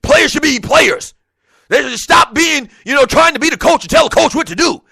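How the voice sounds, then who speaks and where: A man's voice: very high voice, expressive, normal speed, vocal fry, pushed and bright, pitched above the performer's own voice, full character voice. A man doing an impression of a fiery former football coach ranting at players in an emphatic, repetitive way. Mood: irate.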